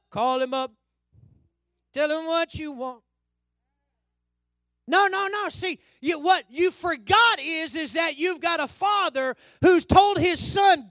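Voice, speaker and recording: A man preaches with a very high voice. He drops to low asides, then builds into loud call-and-response shouts at his congregation. The sound is dry and close. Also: no room sound. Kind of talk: sermon. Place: church hall.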